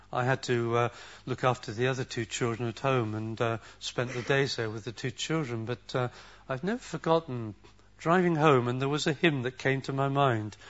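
An older man preaching a sermon in a gentle, measured way, repeating phrases for emphasis. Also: medium pitch. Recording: dull lo-fi recording.

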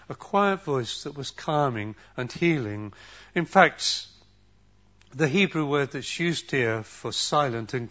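An older man preaching a sermon in a gentle, measured way, repeating phrases for emphasis. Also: on the high side. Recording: dull lo-fi recording.

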